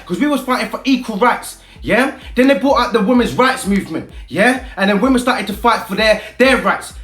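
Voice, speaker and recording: A man delivers a fierce, confrontational rant straight to camera, peppered with street slang. His voice sits high for a man. The sound rings around an echoey room. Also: fairly bright tone. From Britain. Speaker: activist vlogger.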